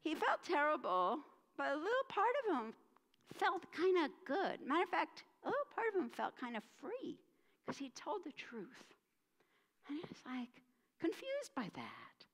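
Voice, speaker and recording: A woman minister narrating a story in a church service, highly animated and slow, savoring every turn. Her bright, ringing voice carries in a long church reverb. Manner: expressive, dramatic storyteller.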